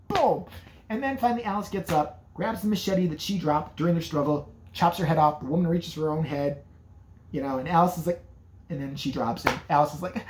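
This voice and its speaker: A woman recaps an old horror movie with sarcasm and plenty of swearing. Her voice sits slightly low but swings widely in pitch. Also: slight background noise. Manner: sarcastic, profane, lively. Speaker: movie reviewer.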